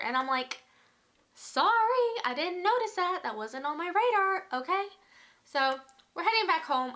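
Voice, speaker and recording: A young woman vlogger tells a story from her own life at home, chatty and animated, full of likes and ums. Her voice is clear and bright, sitting a bit high for a woman. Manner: chatty, animated retelling with many fillers. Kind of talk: casual storytime.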